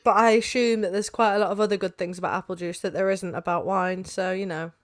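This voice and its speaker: A woman's voice: mid-range voice, steady tone, fast. A woman, co-hosting a podcast in casual chat, teasing and giggly. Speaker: podcast co-host.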